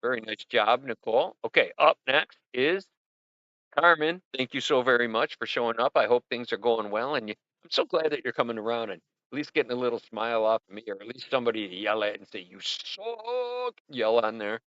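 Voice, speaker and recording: A middle-aged man with a bright, forward voice, chatting loosely on a livestream. He rambles and sounds upbeat, throwing in a punchy "boom" now and then. The sound is dry and a little dull, like lo-fi stream audio. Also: fast, no room sound. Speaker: livestream host. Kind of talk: casual livestream chat reviewing viewer art.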